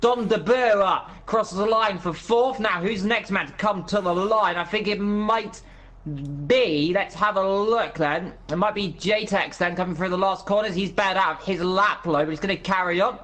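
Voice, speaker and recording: A man's voice: high-pitched, normal speed, fairly bright tone. A man giving live commentary on an esports racing event, walking through the track with playful energy.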